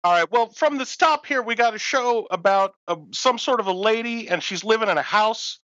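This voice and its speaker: Deadpan man on dull, lo-fi call audio. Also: high-pitched, moderate pace, dry recording. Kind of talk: casual podcast chat.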